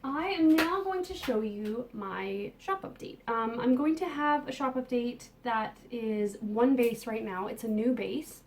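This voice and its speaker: A woman hosting a casual podcast, talking enthusiastically about yarn she has dyed and received, with soft muttered asides. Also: on the high side, expressive, a little slow, hardly any pauses. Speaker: podcast host and yarn dyer. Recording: distant mic with faint background noise.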